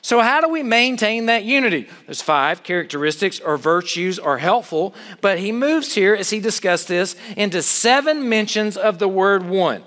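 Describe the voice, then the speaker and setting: A man's voice: sits high, expressive, moderate pace, hardly any pauses, fairly bright tone, in a large hall. A man preaching a sermon as pastor, earnest and full of rhetorical questions.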